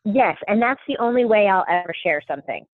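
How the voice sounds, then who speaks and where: A woman's voice: medium pitch, expressive, quick pace, dry recording. A woman hosting a podcast, chatting casually and self-deprecatingly with lots of fillers over a remote call. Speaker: podcast host. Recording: thin phone-like call audio.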